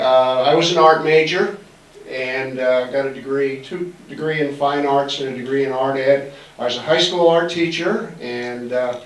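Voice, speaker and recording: A man's voice: mid-range voice, slight background noise. A man in his sixties from Massachusetts, giving a folksy, joking storytelling talk in a library auditorium and acting out the voices of people he quotes. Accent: faint Massachusetts. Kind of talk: storytelling lecture. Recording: roomy hall, distant mic.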